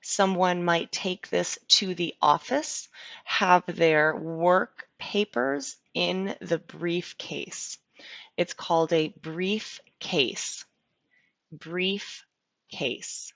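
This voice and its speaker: A woman teaches vocabulary at an unhurried pace, repeating each word with patient care. Her fairly low voice has a gravelly edge. The recording is dry and slightly muffled. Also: fairly bright tone, no echo. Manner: patient, repeats words slowly. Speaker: ESL teacher. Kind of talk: slow, clear vocabulary lesson. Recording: dull lo-fi sound.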